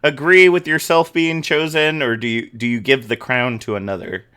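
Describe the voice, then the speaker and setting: A man's voice: medium pitch, steady tone, moderate pace, bright, forceful tone, smooth. A man hosting a casual gaming interview, easygoing and chuckling between questions. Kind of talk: casual interview over voice call.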